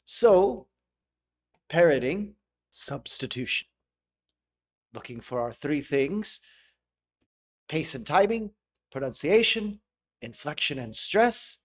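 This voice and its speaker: A man's voice: fairly high pitch, expressive, slow, long pauses. An American man teaching English pronunciation in a casual video lesson, repeating sounds to model them.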